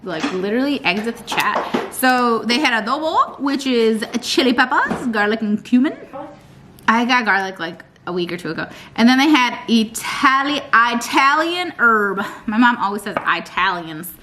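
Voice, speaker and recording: A woman's voice: on the high side, expressive, moderate pace, sharp tone, slight background noise. A young woman vlogging casually at home in her kitchen, chatty and rambling, often restarting her sentences. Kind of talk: casual chat to camera.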